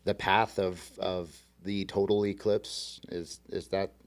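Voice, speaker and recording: A man's voice: low voice, little pitch movement, slow pace. A man guest in a casual chat, rambling and self-deprecating.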